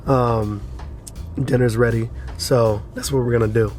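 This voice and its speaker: A man's voice: medium pitch, steady tone, unhurried, a little mellow, a little hiss or hum. A man ranting casually to camera as a crypto vlogger, frustrated and blunt, swearing freely and urging his viewers again and again.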